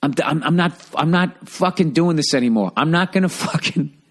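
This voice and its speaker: A man's voice: fairly high pitch, moderate pace. A man in his fifties telling a story in casual comedic style, profane and rambling as a podcast host. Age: 50s.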